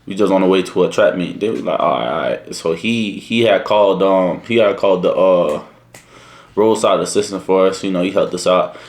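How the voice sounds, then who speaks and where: A man's voice: deep voice, brisk, reverberant. Young man telling a profane story. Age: young adult. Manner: slangy, profane, animated retelling. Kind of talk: casual storytime.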